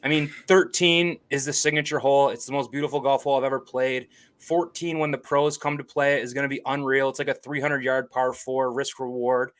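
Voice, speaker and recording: A young man co-hosting a casual golf podcast, telling stories in an excitable way, swearing freely and acting out what people said. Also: mid-range voice, a little fast, few pauses. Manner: excitable storyteller, swears freely, acts out quotes. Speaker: podcast co-host.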